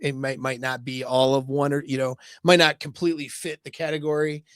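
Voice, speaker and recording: A man giving a live dating-coach talk in a casual, loose way, full of fillers and quick "right?" checks. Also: medium pitch, flat delivery, fairly bright tone, dry recording, clean studio sound.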